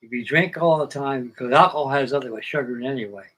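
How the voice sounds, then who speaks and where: A man's voice: medium pitch, fast talker, a bit bright, rough recording. An older man, host of a model-building livestream, telling a long personal story in a folksy, plainspoken way and acting out old conversations.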